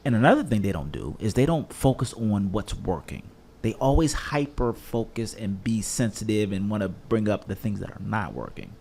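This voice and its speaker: A man's voice: fairly low pitch, big pitch swings, moderate pace, gravelly, a little mellow, a little hiss or hum. A man who works as a life coach, speaking as a podcast guest in an affirming way and often checking in with "right?". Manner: affirming, keeps saying "right?" and "mm-hmm". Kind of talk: casual interview chat.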